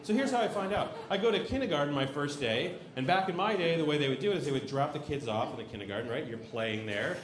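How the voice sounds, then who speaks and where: A man telling a stand-up comedy story on stage, peppering each beat with "right?" and leaping into loud character voices. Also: fast talker, few pauses, a crowd in the background. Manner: animated storytelling, jumps into shrill shouted voices for characters; tag questions "right?" after nearly every beat. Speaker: stand-up comic. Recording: roomy club sound with audience.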